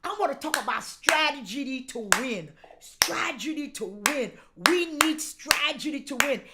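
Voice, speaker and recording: A woman pastor preaching a sermon, repeating lines and calling on the congregation to answer back, moving between hushed urging and shouted exhortation. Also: high voice, lively intonation, unhurried, hardly any pauses, a little hiss or hum. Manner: call-and-response, repeats phrases.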